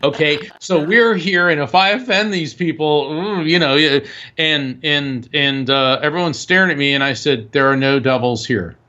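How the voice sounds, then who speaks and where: A man being interviewed as a guest author, telling an animated anecdote that is full of fillers and restarts. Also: a little high, normal speed, lo-fi sound. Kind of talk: storytelling interview.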